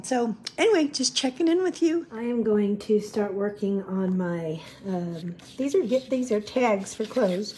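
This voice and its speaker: A woman vlogging at home while recovering from surgery, talking casually to the camera, sometimes gushing and sometimes dropping soft and low. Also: slight background noise. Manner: chatty, gushing when excited, soft and low when tired. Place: home schoolroom, indoors.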